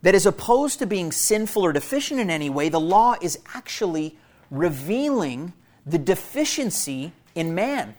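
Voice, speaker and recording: A man's voice: high voice, very animated, moderate pace, a little mellow. A man preaching an expository sermon, earnest and emphatic, posing rhetorical questions to his church. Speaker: pastor.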